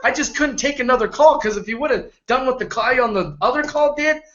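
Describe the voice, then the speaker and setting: Rambling, earnest male home business coach, high-pitched, on a dull lo-fi recording. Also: brisk, a bit bright, slight background noise. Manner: rambling and earnest, checks in with "right?" and "okay?". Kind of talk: motivational talk to camera.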